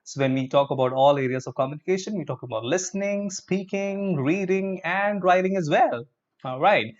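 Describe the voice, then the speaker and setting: A male teacher, giving a live vocabulary lesson and drawing out words slowly to drill their pronunciation. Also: high voice. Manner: drills pronunciation with slow, drawn-out repetitions. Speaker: English teacher. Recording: dull lo-fi stream audio.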